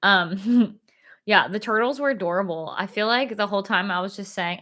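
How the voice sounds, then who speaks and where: A young woman hosting her own live stream, chatting casually and excitedly, with many fillers and laughs and sudden high squeals. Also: brisk.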